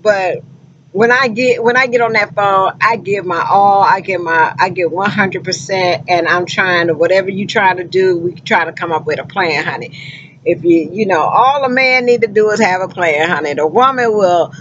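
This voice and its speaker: A woman's voice: on the low side, normal speed, a bit bright, highs cut off, slight background noise. A woman truck driver and recruiter talking casually to her viewers, effusive and folksy, calling them honey and child. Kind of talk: casual vlog talk to viewers.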